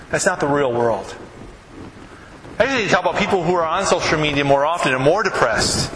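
Male pastor, easygoing sermon delivery, slightly high voice, roomy church sound with noise behind. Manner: conversational, earnest, asks the congregation questions. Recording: echoey hall with background noise.

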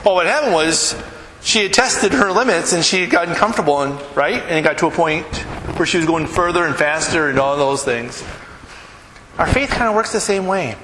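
High, bright-voiced preacher man in an echoey hall. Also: a little fast, noisy background. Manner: animated, acts out little scenes and quizzes the congregation. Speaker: pastor. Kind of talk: sermon. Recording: echoey hall with long reverb.

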